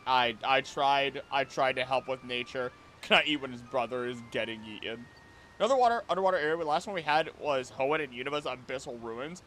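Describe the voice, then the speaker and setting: A man's voice: mid-range voice, a little fast, fairly bright tone, a little hiss or hum. A young man streaming a game live, chatting playfully with his viewers and the creatures on screen. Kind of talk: live gameplay commentary.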